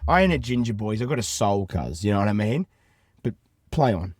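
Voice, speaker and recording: A man's voice: on the low side, big pitch swings, brisk, slightly rough, dry recording. A man with an Australian accent hosting a podcast from inside a van, brash and crude, talking casual banter and constantly calling his listeners boys. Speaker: podcast host.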